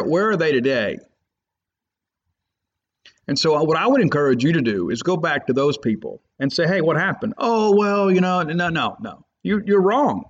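Opinionated man on muffled audio. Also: medium pitch. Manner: emphatic, rambling, fan loyalist. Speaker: sports podcast host. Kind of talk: opinionated sports talk.

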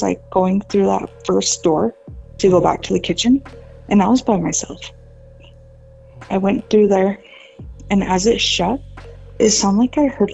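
A woman telling a ghost story on a podcast, chatty and animated, leaning on "like" as she goes. Her voice is gravelly and husky with a dark, mellow tone. The recording sounds dull and lo-fi. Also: medium pitch. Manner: animated storyteller with many "like" fillers, mimics voices. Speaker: podcast guest.

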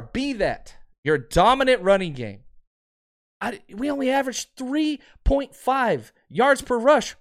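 A man hosting a sports podcast, giving emphatic, ranting fan commentary and answering listeners. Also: on the high side.

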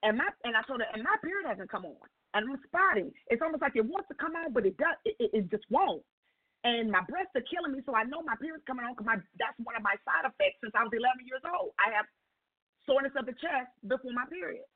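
A woman guest on a call-in radio show, telling a personal testimony in a lively storytelling way and acting out the dialogue. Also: sits high, quick pace, dry recording. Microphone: phone. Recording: tinny phone line.

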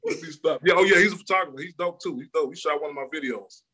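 Man, R&B singer, from Illinois, casual interview guest, video call, relaxed, filler-heavy. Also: on the high side, rapid-fire, husky. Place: room in a cousin's house.

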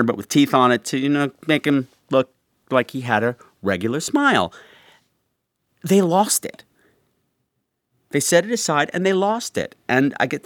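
A man hosting a podcast, telling stories in casual, animated chat with campy asides. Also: medium pitch, dry recording, studio quality. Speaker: podcast host.

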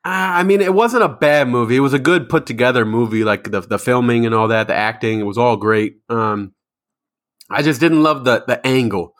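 A man's voice: medium pitch, a little fast. A man co-hosting a podcast, reacting in a laid-back, wry way during casual chat. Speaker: podcast co-host.

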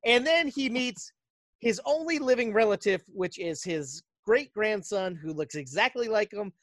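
Animated, dry-miked podcast storyteller. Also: mid-range voice, unhurried, no echo. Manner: animated storyteller, slips into character voices. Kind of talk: casual movie recap.

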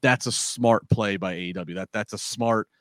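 A man's voice: lowish voice, normal speed, a bit bright, dry recording. A man co-hosting a wrestling podcast, talking casually in long rambling turns with many restarts. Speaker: podcast co-host.

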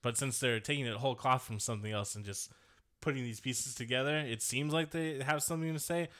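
Bright-voiced man rambling on a podcast. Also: mid-range voice, a little fast. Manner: rambling, laughs often, swears casually. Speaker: podcast co-host. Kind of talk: casual chat.

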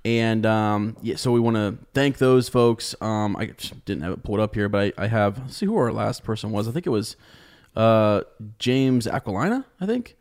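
A man co-hosting a podcast, chatting casually with many pauses and fillers. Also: lowish voice, a little mellow. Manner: hesitant, many fillers, laughs easily. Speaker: podcast co-host. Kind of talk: casual chat.

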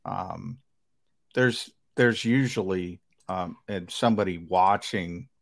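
Gravelly, rambling sports talk man. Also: deep voice, wildly swooping pitch, takes it slowly. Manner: rambling, emphatic, many fillers.

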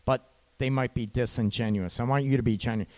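A man hosting an advice show, talking casually about calming arguments between partners and tagging his sentences with "right?". He sometimes voices what a partner might say. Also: medium pitch, fairly quick. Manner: conversational, frequent "right?" tag questions; acts out partner's lines in quoted dialogue. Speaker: relationship advice host.

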